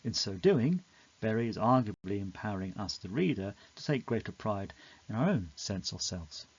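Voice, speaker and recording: A man reading a scripted, measured explanation of a poem in an educational narration. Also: lowish voice, sing-song, husky, highs cut off.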